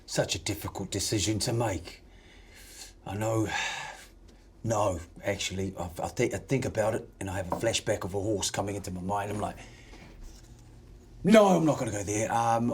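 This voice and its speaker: A man playing a tabletop game, talking in a hesitant, halting way. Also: lowish voice, steady tone, slight background noise. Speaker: player. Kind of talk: casual tabletop play.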